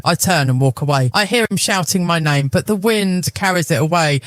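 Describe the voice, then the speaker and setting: A woman narrating a dramatic first-person story in a cold, measured way. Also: fairly low pitch, no echo.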